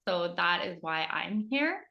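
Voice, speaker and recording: A woman speaking calmly and earnestly in a measured conversational way. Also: fairly low pitch, creaky, muffled recording. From Canada. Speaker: spiritual medium. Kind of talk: casual conversation.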